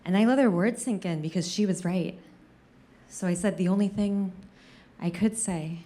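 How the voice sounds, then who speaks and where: A woman comedian telling a funny personal story on stage, with an animated, self-deprecating delivery. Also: mid-range voice, normal speed, slight background noise.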